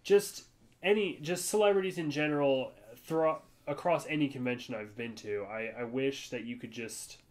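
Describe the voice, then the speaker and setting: A man from the United States chats on a podcast at an ordinary middle pitch. He rambles through his stories in a loose, casual way. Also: normal speed. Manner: rambling storyteller, jumps to high-pitched voices for quoted people. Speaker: podcast co-host. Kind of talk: casual chat.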